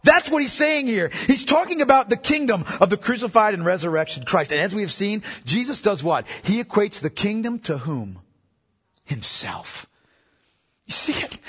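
Male preacher, high-pitched, slightly husky, emphatic, repeats lines, questions listeners, long hall echo. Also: very animated, normal speed, a bit bright. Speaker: pastor. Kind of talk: sermon.

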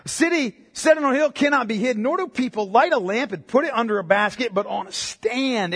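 A pastor preaches in a high, husky voice that rings through a hall with a long echo. He's impassioned and a little fast with hardly any pauses, swelling loud at times and dropping low and quiet to drive a point home.

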